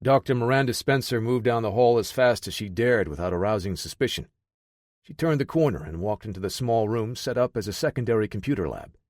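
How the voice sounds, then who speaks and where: Low-voiced male audiobook narrator. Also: a little fast, darkish tone, no echo, clean studio sound.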